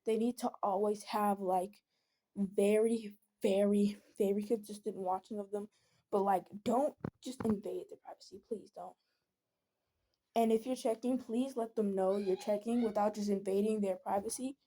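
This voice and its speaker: Mellow-voiced teen girl venting earnestly. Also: medium pitch, steady tone, normal speed, a little hiss or hum. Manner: earnest, rambling, pleading. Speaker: vlogger. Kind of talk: casual venting monologue.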